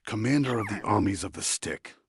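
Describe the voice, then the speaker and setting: A man's voice: fairly low pitch, fairly quick, vocal fry, slightly rough, dry recording, clean studio sound, full character voice. A text-to-speech man voicing a grim vengeful warlord. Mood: grim, solemn. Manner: solemn, declaiming text-to-speech read-out. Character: vengeful male warlord general, grim and solemn.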